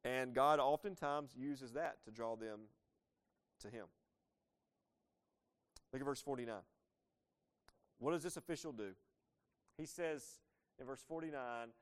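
A man's voice: mid-range voice, a little slow, long pauses. A man in his thirties preaching a sermon, talking conversationally and asking the listeners rhetorical questions. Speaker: pastor.

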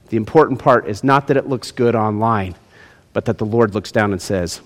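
A male pastor preaching a lively, jokey sermon in a church, swinging between loud and hushed. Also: mid-range voice, moderate pace, long reverb tail. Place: church sanctuary.

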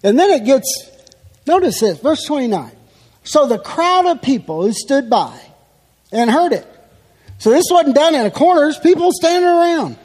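A man preaching a sermon, teaching slowly and with emphasis as he works through a passage. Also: extremely high pitch, sing-song, darkish tone, long reverb tail. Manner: slow, emphatic expository teaching.

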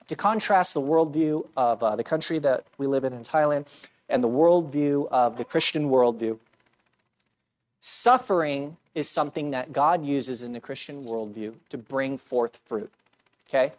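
A man preaches in a church, talking to his congregation as if chatting. He jokes at his own expense and keeps checking in with "right?" between his points. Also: on the high side. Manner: conversational preaching, self-deprecating humor, frequent "right?". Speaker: pastor. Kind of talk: sermon.

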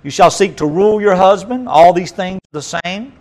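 A male pastor preaching a sermon, reading scripture aloud with dramatic emphasis and dropping to quiet asides. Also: high-pitched, moderate pace, low-quality recording.

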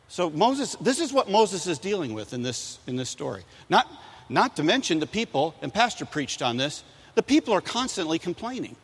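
A man preaching a sermon to young people, animated and telling stories that he acts out in loud voices. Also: high-pitched, moderate pace, breathy edge, in a large hall.

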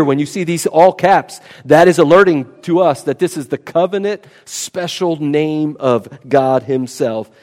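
A man's voice: fairly high pitch, a little mellow. A man preaching an expository sermon, emphatic and teaching, often repeating key words for weight. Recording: long hall reverb.

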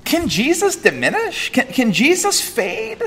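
A man preaching a sermon, swinging from loud emphatic peaks to soft quiet asides. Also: very high-pitched, wildly swooping pitch, measured pace, creaky, big-room sound. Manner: frequent fillers and restarts in asides. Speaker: pastor.

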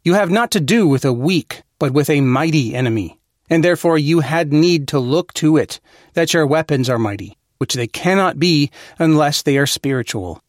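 A man giving a measured, earnest, formal reading of an old sermon text. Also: fairly high pitch, animated, no echo, clean studio sound. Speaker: reader of a devotional text.

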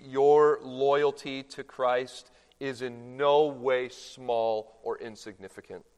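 A male pastor preaches a sermon in a slow, deliberate way, his fairly high voice dropping to a hush and then rising to loud proclamation. The sound carries a long reverb from a large church hall. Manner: dramatic, swinging from hushed to loud proclamation.

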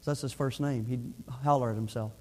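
A man's voice: mid-range voice, fairly even intonation, fairly quick, a little mellow. A middle-aged male pastor preaching a sermon in an earnest, conversational way, often restarting his phrases.

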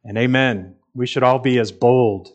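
A man's voice: medium pitch, moderate pace, muffled recording. A man preaching a sermon in an earnest, emphatic way, repeating phrases for stress.

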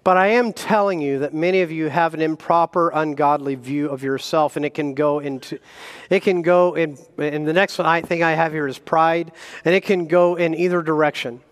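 Guest preacher, male, slightly high-pitched, animated delivery with self-mocking humor, church hall reverb. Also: normal speed, smooth. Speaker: guest pastor. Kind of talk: sermon. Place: church sanctuary.

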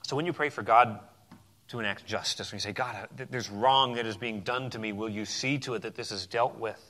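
Man, pastor, emphatic sermon, bright forceful tone, loud-soft swings. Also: on the low side, a little fast.

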